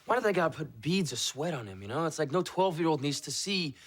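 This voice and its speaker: An actor playing a goofy friend who rambles through silly stories in a sitcom. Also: male voice, on the high side, animated, fairly quick. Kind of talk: sitcom acting.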